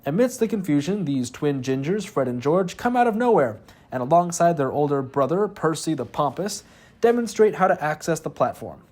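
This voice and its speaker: Young male gaming host, slightly high voice, scripted comic narration with wry throwaway asides. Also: sing-song, moderate pace, a little mellow. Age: young adult. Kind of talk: scripted comedic narration over gameplay.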